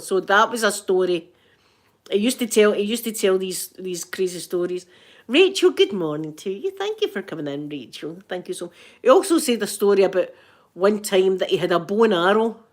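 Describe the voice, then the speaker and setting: A Scottish woman with a fairly low voice tells stories in a relaxed, chatty way. She brings the people she quotes to life as she goes. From Scotland. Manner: animated, acts out the quoted people. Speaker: ASMR livestream host. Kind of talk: casual storytelling chat.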